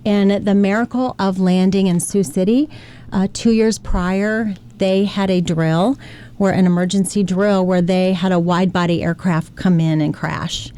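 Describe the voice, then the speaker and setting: A middle-aged woman from Ohio tells her story earnestly on a radio interview. Her voice is mellow and warm, with a mid-range pitch. She speaks with heartfelt, emotional emphasis. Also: steady tone, measured pace, clear, resonant tone. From Ohio, United States. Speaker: interview guest, flight attendant.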